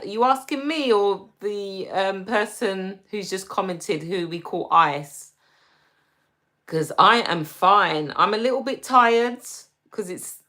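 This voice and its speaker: A woman with a London accent hosting a casual livestream, reading viewer comments aloud and answering them gently and reassuringly. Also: medium pitch. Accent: London English. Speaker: livestream host.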